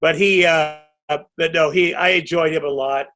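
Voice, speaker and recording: A man guesting on a podcast, telling a rambling, self-interrupting anecdote and breaking into loud acted quotes. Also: on the high side, steady tone, normal speed. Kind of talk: anecdotal storytelling.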